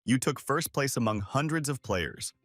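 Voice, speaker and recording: Man reading game system announcer, formal, measured, dry sound. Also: mid-range voice, animated, a bit bright, no echo, faint music behind. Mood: announcing.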